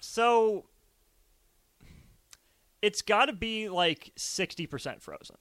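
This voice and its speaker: A man's voice: high-pitched, animated, slow, fairly bright tone, dry recording. A male radio co-host in casual banter, playful and egging his partner on.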